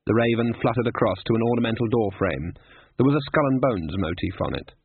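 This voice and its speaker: A man reads a story aloud in a dry, measured narrating manner. His voice is husky at mid pitch. The recording is close and dead, with a narrow, phone-like band. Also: dry recording. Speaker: audiobook narrator. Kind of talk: scripted narration. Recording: muffled, phone-like narrow sound.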